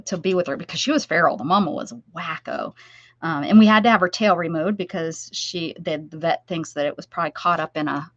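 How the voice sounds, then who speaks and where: A woman's voice: fairly low pitch, fairly bright tone, no echo. A middle-aged woman chatting casually with viewers on a craft live-stream, rambling and greeting people by name. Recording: dull lo-fi stream audio.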